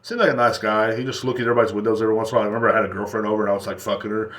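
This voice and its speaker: A man's voice: lowish voice, steady tone, rapid-fire, fairly bright tone. A young man hosting his own podcast, telling crude stories in a rambling way and laughing at his own jokes. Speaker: podcast host. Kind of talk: rambling solo podcast storytelling.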